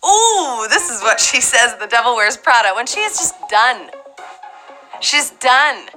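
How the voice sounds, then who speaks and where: A young woman hosting a live trivia game show, playful and chatty with quick asides. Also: a little high, sing-song, sharp tone, soft background music, low-quality recording.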